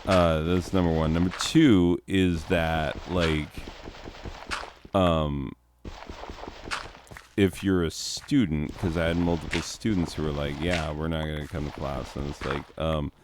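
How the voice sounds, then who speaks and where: A man's voice: rumbling low, fairly even intonation, slow pace, noisy background. A man, a teacher, chatting casually and rambling sarcastically while he plays a game, chuckling now and then.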